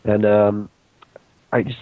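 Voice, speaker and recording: A man's voice: on the low side, level tone, slow pace, no room sound. A young man casually telling a story to friends, laid-back and swearing freely. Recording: dull lo-fi recording.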